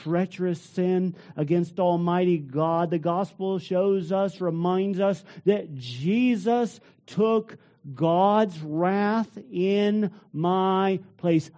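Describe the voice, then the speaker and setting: A male pastor delivers a sermon in a high, mellow voice. He acts out small everyday scenes in different voices. He moves between hushed, heavy passages and loud, lively ones.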